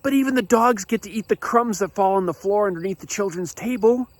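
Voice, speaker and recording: A man's voice: sits high, fairly quick, no echo, voice pushed up, lightly acted. A man voicing a desperate mother who begs with a raised, pleading voice. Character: desperate mother begging for her daughter.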